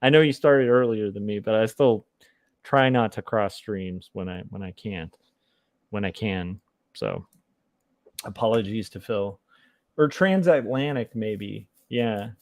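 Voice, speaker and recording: A man hosting a livestream, chatting casually and thinking out loud while he draws comics. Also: lowish voice, measured pace, dry recording. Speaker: livestream host and comic artist. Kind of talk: casual chat while drawing.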